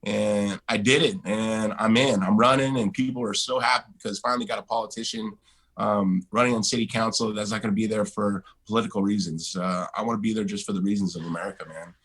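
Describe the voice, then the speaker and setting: A man in his forties, a guest in a casual interview, telling stories in a blunt, animated way and swearing freely. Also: fairly low pitch, fast talker, husky, low-quality recording.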